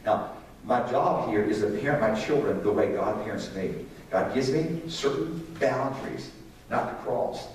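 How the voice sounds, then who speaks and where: A man's voice: mid-range voice, lively intonation, unhurried. A middle-aged preacher talks through a sermon in a plain, conversational way and keeps asking his listeners questions. His voice carries through a very echoey sanctuary from well off the mic, with a faint hum of room noise behind him. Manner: conversational, asks the congregation questions. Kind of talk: sermon on parenting. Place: church sanctuary. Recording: echoey hall, distant mic.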